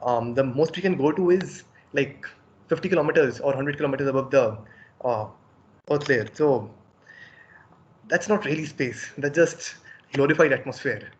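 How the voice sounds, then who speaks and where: A man's voice: medium pitch, moderate pace, muffled recording, slight background noise. A man answering as a podcast guest, hesitant and thoughtful, with many ums. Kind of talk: casual podcast chat.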